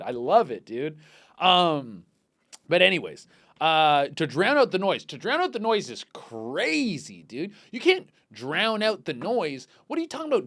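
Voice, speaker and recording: A young man hosting a comedy podcast, telling crude rambling stories and swinging between loud bursts and mutters. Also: a little high. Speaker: podcast host. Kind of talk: casual comedic storytelling.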